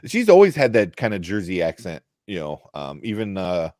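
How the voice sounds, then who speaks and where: A man's voice: sits low, wildly swooping pitch, moderate pace, darkish tone, no echo, studio quality. A man co-hosting a casual live chat show, easygoing, with lots of fillers and agreeing asides. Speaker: co-host.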